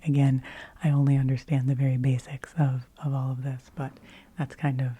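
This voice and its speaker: A woman whispering softly into a close microphone in a rambling ASMR chat, unhurried and full of little fillers. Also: rumbling low, breathy edge. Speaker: ASMR host.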